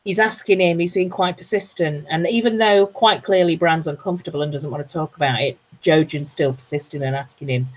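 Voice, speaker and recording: Woman, book-chat co-host, low voice, explains at length while thinking aloud. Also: steady tone, brisk, few pauses. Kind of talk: casual book discussion.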